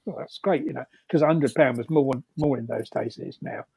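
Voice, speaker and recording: A man's voice: mid-range voice, fairly quick, creaky, a little mellow, a little hiss or hum. An older man, telling rambling stories as a guest and chuckling as he goes. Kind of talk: anecdotal storytelling.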